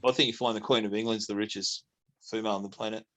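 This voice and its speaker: A man's voice: fairly low pitch, steady tone, fast talker, fairly bright tone. Laid-back Australian man, says mate. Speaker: visiting guest. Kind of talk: casual chat.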